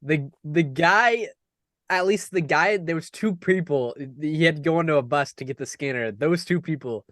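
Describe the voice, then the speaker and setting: A man's voice: a little high, normal speed, fairly bright tone, dry recording, clean studio sound. A man co-hosting a film podcast, chatting casually and often adding "you know". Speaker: podcast co-host.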